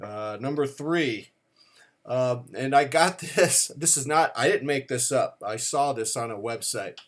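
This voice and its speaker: A man's voice: mid-range voice, unhurried. A middle-aged man giving a comic countdown to camera in a playful, mock-serious way. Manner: playful, mock-serious, acts out quoted dialogue. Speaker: watch vlogger.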